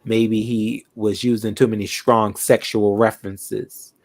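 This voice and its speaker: A man's voice: on the low side, flat delivery, a little slow, darkish tone. Rambling man hosting a casual chat. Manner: loose, rambling talk full of "you know" fillers. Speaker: host.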